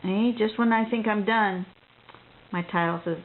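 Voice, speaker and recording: A woman's voice: medium pitch, a little slow. A woman teaching a drawing tutorial, talking casually and thinking aloud as she works, rambling with frequent restarts. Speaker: drawing instructor. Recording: tinny phone-like audio with faint noise.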